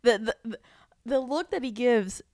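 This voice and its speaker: A woman's voice: fairly high pitch, expressive, moderate pace, a little mellow, dry recording, clean studio sound. A woman co-hosting a podcast, chatting casually and retelling favourite scenes. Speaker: podcast co-host. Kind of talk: casual fan chat.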